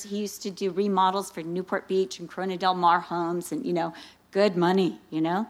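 A middle-aged woman preaching to a gathering of women. She weaves personal stories into her message and brings them to life, jumping up in pitch as she acts out what people said. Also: moderate pace. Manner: animated storytelling, acting out dialogue with rising pitch. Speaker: speaker at a women's Christian gathering. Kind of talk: sermon with personal story.

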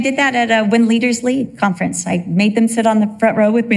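A woman in her fifties preaching a sermon with an emotional, expressive delivery. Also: fairly high pitch, a little fast, creaky, hardly any pauses.

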